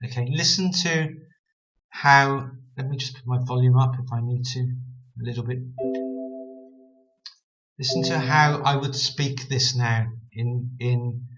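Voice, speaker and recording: Male Bible teacher, mid-pitched, unhurried; casual explainer who sounds words out; muffled recording. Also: fairly even intonation, a bit bright, faint music behind. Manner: repeats "okay" often, demonstrates pronunciation aloud. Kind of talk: casual explanatory talk to camera.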